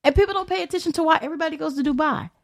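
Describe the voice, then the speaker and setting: A woman's voice: high voice, rapid-fire, gravelly. A woman, a podcast guest, chatting casually and bluntly, telling profane stories, quoting people in their voices and laughing often. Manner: acts out others' lines in quotes. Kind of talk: casual chat.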